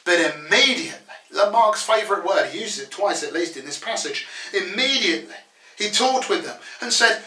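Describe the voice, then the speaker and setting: A man with a high, bright, ringing voice preaches a sermon, driving his points home with emphatic rhetorical questions. He is picked up from a distance, and the sound carries the echo of a church sanctuary. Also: animated, moderate pace. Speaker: pastor. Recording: echoey church from far off.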